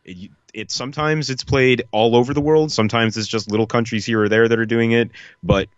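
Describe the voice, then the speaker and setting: A man's voice: medium pitch, fairly even intonation, fairly quick, clean tone, no room sound. A man co-hosting a podcast, chatting casually and rambling with enthusiasm, full of fillers like "like" and "you know.". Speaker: podcast co-host. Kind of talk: casual chat. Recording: dull lo-fi podcast audio.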